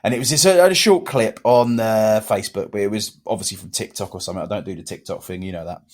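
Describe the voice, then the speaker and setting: A man's voice: lowish voice, quick pace. Rambling British man telling stories. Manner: rambling storyteller, joking and swearing. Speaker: podcast co-host. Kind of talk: casual chat.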